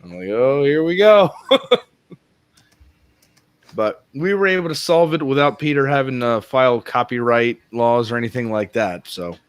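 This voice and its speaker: A man's voice: medium pitch, lively intonation, moderate pace, pauses often, clean tone, no echo. A man in a casual group chat telling a candid story, swearing casually. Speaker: chat guest.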